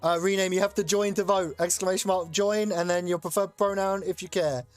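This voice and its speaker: A streamer hosting a chat-voted game live, excitable and loose, swearing casually while explaining the rules. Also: medium pitch, a little fast, no room sound, soft background music.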